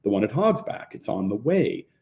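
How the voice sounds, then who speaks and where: A man voicing his calm, cool young friend who speaks evenly. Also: fairly low pitch, normal speed, gravelly, muffled recording. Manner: cool and level.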